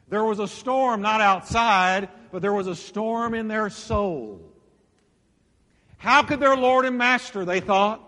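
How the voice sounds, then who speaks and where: Male preacher, high bright voice, dramatic storyteller, reverberant hall sound. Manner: dramatic storytelling, acting out voices of Bible figures. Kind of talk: sermon.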